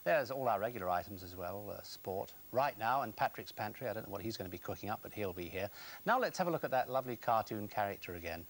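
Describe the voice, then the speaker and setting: A man presents a regional TV programme in a brisk, chatty way. His pitch rises and falls a lot as he talks. He keeps the pace quick. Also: expressive. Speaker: TV studio interviewer. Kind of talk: regional TV interview and sign-off.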